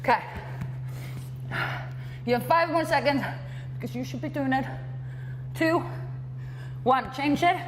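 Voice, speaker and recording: A woman's voice: sits high, measured pace, pauses often, in a large hall, noisy background. A woman fitness trainer coaching a workout class, encouraging and out of breath between exercises.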